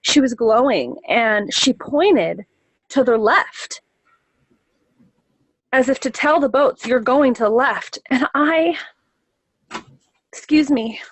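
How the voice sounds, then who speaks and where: A woman's voice: high-pitched, a little slow, long pauses, no room sound, poor audio. A woman giving a casual spoken account of a vision she had. She talks earnestly and reflectively, often searching for words with fillers and restarts. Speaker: person sharing a vision.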